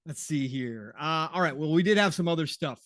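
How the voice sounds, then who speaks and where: A man's voice: fairly high pitch, animated, a little fast, a bit bright, no room sound, studio quality. Teasing, jokey man on a podcast. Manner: teasing, jokey, laughs often. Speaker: podcast co-host. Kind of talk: casual gaming podcast chat.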